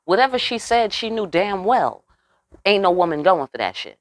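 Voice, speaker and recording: A woman doing a casual tarot reading in a mid-pitched voice, talking with a lot of profanity and street slang. She keeps checking in with her listener and swoops up high and loud when she wants to drive a point home. The sound is dry and close. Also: big pitch swings, moderate pace, dry recording, poor audio. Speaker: tarot reader.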